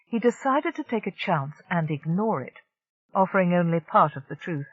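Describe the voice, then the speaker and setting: An audiobook narrator reading a science-fiction novel in a steady, even storytelling voice. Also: medium pitch, moderate pace, lo-fi sound.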